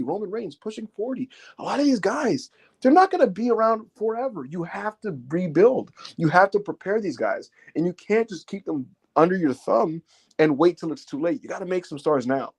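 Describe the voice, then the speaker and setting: A man's voice: high-pitched, a little mellow, slightly rough. A man co-hosting a wrestling review podcast, telling it animatedly, acting out quotes and swearing freely. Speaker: podcast co-host. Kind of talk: casual wrestling review chat.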